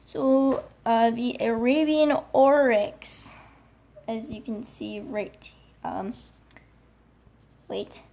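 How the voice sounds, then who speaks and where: A channel host shows off her game collection in casual screen-recording commentary, speaking in a higher register at an unhurried pace. Her mellow voice is prone to squeaky cracks, and she's chatty and scattered, talking to her game animals and the screen. There's slight background noise.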